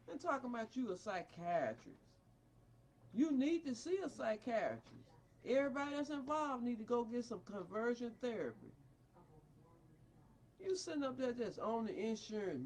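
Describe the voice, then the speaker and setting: A parent who is furious with a psychiatrist delivers a confrontational, preachy rant. Her voice swings widely in pitch as she scolds. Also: slight background noise. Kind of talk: angry rant addressed to a doctor.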